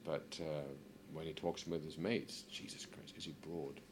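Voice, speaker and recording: Deep-voiced middle-aged man. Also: flat delivery, moderate pace, noisy background. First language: German. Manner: rambling, many fillers and restarts. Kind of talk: casual chat.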